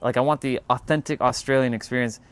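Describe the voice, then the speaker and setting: A man's voice: mid-range voice, steady tone, fast talker, smooth, no room sound. A man from Canada, chatting casually on a livestream, rambling and restarting his words as he answers chat. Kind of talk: casual live-stream chat.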